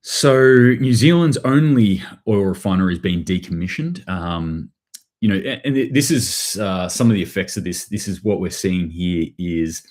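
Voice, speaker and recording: A man with a low, deep voice talks through the news in a loose live-stream commentary. He rambles and often restarts his phrases, with a sardonic edge. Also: normal speed, a little mellow. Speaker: host.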